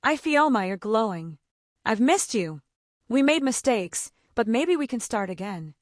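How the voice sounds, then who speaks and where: A smarmy, manipulative man who turns menacing, read by a woman narrator. His lines ride slightly high with animated ups and downs, and the sound is dry and close. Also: measured pace, no echo. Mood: wheedling. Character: smarmy manipulative male ex-husband.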